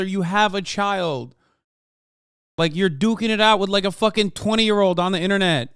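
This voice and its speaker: A man with a fairly high, smooth voice rants at his stream. He talks in heated, profane bursts and mocks the clips he reacts to. The sound is dry and close. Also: fairly bright tone, no echo. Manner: heated, ranting, mocking. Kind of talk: casual profane livestream commentary.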